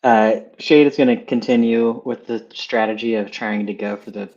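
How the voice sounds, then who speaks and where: Laid-back player on a dull line. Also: male voice, mid-range voice, steady tone, normal speed, darkish tone. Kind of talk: tabletop game play.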